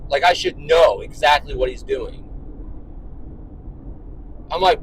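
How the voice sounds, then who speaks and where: A man's voice: fairly high pitch, takes it slowly, pauses often, slight background noise, low-quality recording. A man telling an exasperated, profane story about his morning, ranting in his car. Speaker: vlogger and dad.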